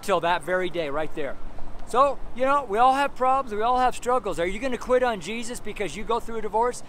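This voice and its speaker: A man's voice: high voice, expressive, a little fast, fairly bright tone. A man giving an earnest, rambling personal testimony as a street preacher, full of "you know" fillers and repeated phrases, recorded outdoors near street traffic.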